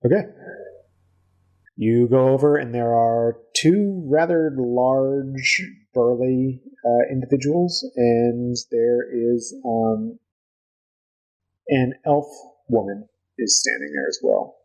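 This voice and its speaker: A man narrating a tabletop game as game master, in a relaxed way with fillers. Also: medium pitch, slow, dull audio.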